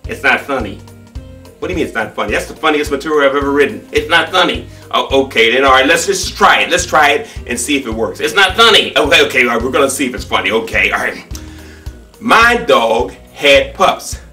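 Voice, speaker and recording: A man's voice: medium pitch, animated, quick pace, bright, forceful tone, roomy sound, big-room sound, recorded from a distance, soft background music. A man hosting a comedy show, joking and rambling with restarts. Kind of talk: improvised comedy banter.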